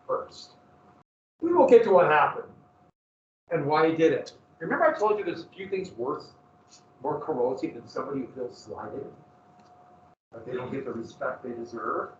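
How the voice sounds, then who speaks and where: A male history teacher lecturing a class in lively storytelling style and throwing questions to the students. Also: a little high. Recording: echoey classroom from far off, dull lo-fi.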